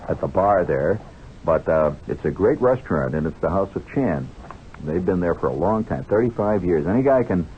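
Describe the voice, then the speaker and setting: A very deep-voiced man hosts a radio show, wandering through the ads with wry, joking asides. The vintage broadcast sounds dull and muffled, with a faint hiss underneath. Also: mellow. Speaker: radio host reading commercials. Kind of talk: casual radio monologue.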